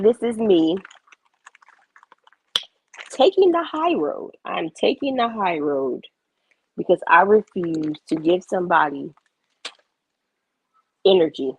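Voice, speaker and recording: A young woman chatting casually on a livestream, blunt and animated, cursing freely. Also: on the low side, takes it slowly, long pauses, slightly rough.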